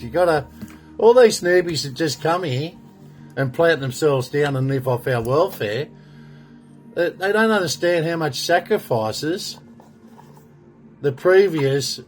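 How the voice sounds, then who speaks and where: A man's voice: on the high side, animated, a little slow, pauses often, faint music behind. A middle-aged Australian man ranting indignantly in a rambling monologue, with frequent swearing. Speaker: political commentator. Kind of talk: monologue to camera.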